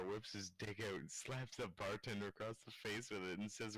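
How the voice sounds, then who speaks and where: A man's voice: on the low side, level tone, moderate pace, few pauses, a bit bright, no room sound, rough recording. A tired young man in his bedroom late at night, rambling through improvised crude jokes and cracking up at himself. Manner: giggly, loses it laughing at his own jokes. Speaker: vlogger telling improvised jokes.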